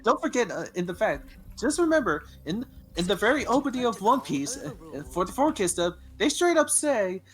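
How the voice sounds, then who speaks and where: Slightly high-voiced guy rambling on a game stream, lots of restarts. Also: very animated, fairly quick, few pauses. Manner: rambling, tangent-prone, many restarts. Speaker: gamer on a stream. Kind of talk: casual chat while gaming.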